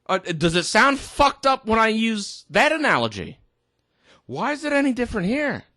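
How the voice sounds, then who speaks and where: A tipsy vlogger rants indignantly to camera, exasperated and tripping over his words with halting restarts. His high voice is very animated and sharp, and the recording is dry.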